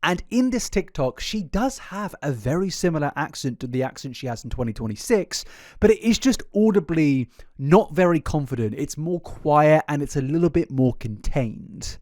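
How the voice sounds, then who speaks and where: A man hosting a YouTube commentary video, talking in an animated, casual way and stumbling over names now and then. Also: on the high side, moderate pace, no room sound, studio quality.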